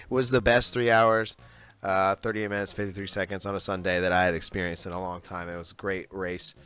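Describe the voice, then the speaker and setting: Excitable young guy rambling on a podcast. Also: low-pitched, brisk, clean tone. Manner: rambling, excitable, says dude a lot. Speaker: podcast co-host. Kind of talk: casual chat.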